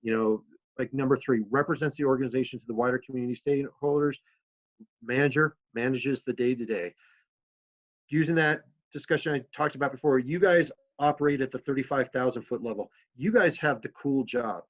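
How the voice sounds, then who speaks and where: Man, city manager, council training talk, conversational, storytelling, fillers, middle-pitched, muffled lo-fi sound. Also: a little fast. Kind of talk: presentation to a council.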